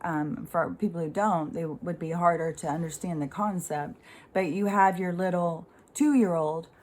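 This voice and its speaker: Middle-aged woman with a lower voice and a loose, rambling delivery for a casual spiritual monologue. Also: steady tone, measured pace, darkish tone. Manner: rambling and conversational, many fillers, casual swearing. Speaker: spiritual speaker.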